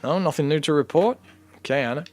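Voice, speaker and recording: A young man streaming a horror game, chatting in a relaxed, rambling way and often saying "you know". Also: fairly high pitch, fast, faint music behind. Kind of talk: casual let's-play chat.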